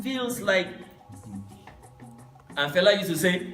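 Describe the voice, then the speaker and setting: A man teaching a Yoruba class, quizzing his students in an animated way and swooping up on key words. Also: sits high, takes it slowly, long pauses. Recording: echoey room, distant mic, faint music.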